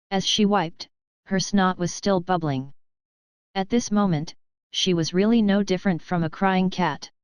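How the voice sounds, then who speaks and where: A woman narrating a novel audiobook in a steady, even reading on a close mic. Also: on the low side, smooth, no echo. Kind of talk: scripted narration.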